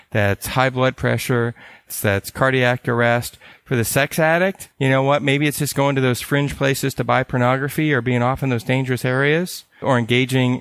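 A middle-aged counselor from California giving a conference talk in a conversational way. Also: male voice, mid-range voice, dry recording. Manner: conversational, acts out dialogue with quick voice changes. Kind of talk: conference presentation.

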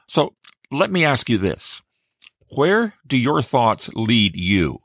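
A man hosting a program, calmly introducing a recorded talk and asking the listener questions. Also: medium pitch, slow pace, dry recording, studio quality. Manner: calm, asks the listener questions. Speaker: radio program host.

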